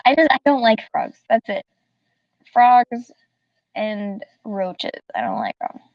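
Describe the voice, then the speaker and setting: A woman's voice: medium pitch, wildly swooping pitch, slow pace, no room sound. A woman from the American South chatting casually with her live-stream viewers, giggling often and talking straight to the chat. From Southern United States. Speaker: livestreamer. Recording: distant dull dry mic.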